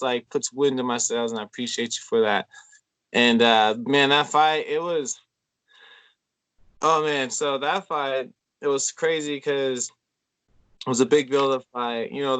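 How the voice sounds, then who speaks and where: A man's voice: mid-range voice, a bit bright, clear, resonant tone. A young man, a podcast guest, telling a long story in casual chat, rambling and swearing with lots of fillers and restarts. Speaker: podcast guest, MMA fighter.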